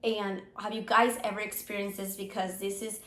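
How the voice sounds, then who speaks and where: A woman co-hosting a podcast in casual chat, still sick with a hoarse voice, rambling with many fillers. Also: medium pitch, level tone, normal speed, a bit bright, reverberant. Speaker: podcast co-host.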